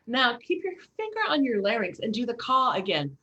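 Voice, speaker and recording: A woman's voice: fairly high pitch, a little fast, dull audio. Encouraging woman voice coach. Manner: expressive, demonstrating sounds, encouraging. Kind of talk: casual chat with vocal demos.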